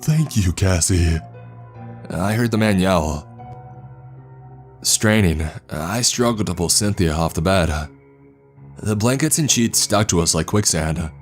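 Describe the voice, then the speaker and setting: Low-voiced man narrating horror. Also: animated, measured pace, long pauses, faint music behind. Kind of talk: scripted narration of a horror story.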